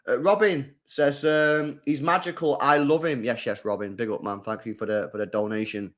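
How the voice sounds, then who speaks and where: Watching a football match, an excitable male fan chats with his viewers and commentates live at a moderate pace. He swings between loud shouts and low mutters.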